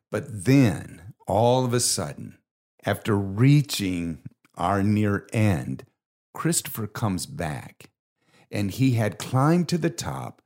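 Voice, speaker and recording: A middle-aged man with a low, deep voice tells a heartfelt story as a podcast co-host. He speaks earnestly and with feeling, in the reflective manner of faith talk. His steady, low delivery carries a sincere, encouraging weight.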